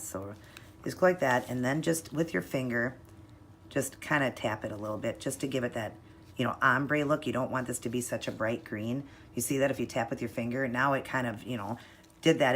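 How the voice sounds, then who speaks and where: A woman's voice: extremely low pitch, slight background noise. A woman hosting her own nail art channel, talking through a tutorial in a chatty, upbeat way and explaining each step. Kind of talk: casual tutorial chat.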